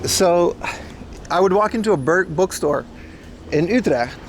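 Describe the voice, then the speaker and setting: A man's voice: sits high, animated, unhurried, a little hiss or hum. Chatty Dutch man streaming outdoors. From Netherlands. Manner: rambling, loose, laughs often, talks to chat. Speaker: livestream host. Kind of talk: casual livestream chat while walking.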